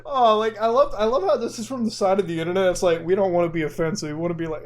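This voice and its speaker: A man's voice: high-pitched, racing, hardly any pauses. A man giving casual reaction commentary on a video, sarcastic and laughing often, with some swearing.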